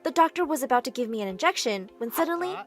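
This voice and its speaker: A woman narrating an animated story in the first person, in an animated, expressive storytelling manner. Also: high voice, fast, faint music behind.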